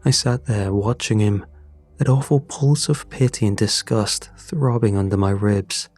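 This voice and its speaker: A man narrating a scripted horror story in a slow, measured way, recorded close on a studio mic. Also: lowish voice, a little mellow, dry recording.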